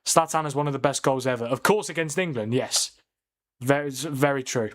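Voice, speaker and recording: A man's voice: mid-range voice, fast, a bit bright. A man hosting a live watchalong stream, chatting casually, debating and answering viewers' comments. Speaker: livestream watchalong host. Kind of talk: casual live football chat.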